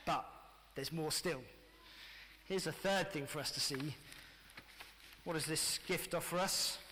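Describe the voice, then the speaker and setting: A middle-aged English pastor gives a lively family sermon and turns often to the children. His voice sits high and sounds bright and clear. The church's long reverb trails after his words. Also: slight background noise. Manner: lively, addressing children directly.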